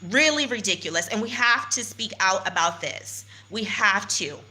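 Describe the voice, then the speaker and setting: In this personal vlog, an American woman describes what happened with indignation, repeating phrases to make her point, while filming on a handheld phone. Her voice is medium-pitched, expressive and sharp, at a moderate pace.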